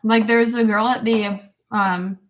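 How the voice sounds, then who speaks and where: A woman's voice: medium pitch, fairly even intonation, a little slow. Chatty young woman who swears casually. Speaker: vlogger reading viewer comments. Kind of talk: casual chat. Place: at her desk at home.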